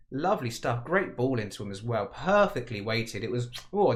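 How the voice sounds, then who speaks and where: A man's voice: mid-range voice, lively intonation, normal speed, hardly any pauses. A man giving casual, rambling commentary on a football management game, chatty and self-mocking with frequent asides. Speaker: gaming commentator.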